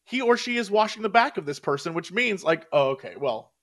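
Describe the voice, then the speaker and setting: A man's voice: sits high, animated, a little fast, fairly bright tone. A man co-hosting a casual podcast chat, rambling and searching for his words with lots of fillers. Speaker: podcast co-host.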